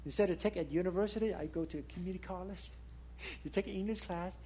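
A man preaching a sermon in non-native English, emphatic and full of rhetorical questions, rising to loud high peaks and dropping to quiet low asides. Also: fast talker, a little hiss or hum. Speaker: pastor.

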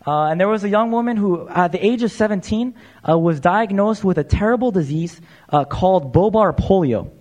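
A man's voice: high-pitched, animated, moderate pace, a little mellow. A man preaching a sermon in a casual, conversational way, often saying "uh" and calling his listeners "you guys". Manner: conversational, frequent "uh" fillers, addresses crowd as "you guys". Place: church.

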